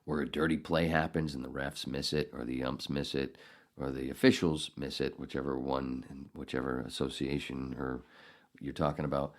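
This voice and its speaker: A middle-aged man hosting a podcast, telling a story in a casual, profane, animated way with bursts of outrage. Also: a bass voice, moderate pace. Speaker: podcast host.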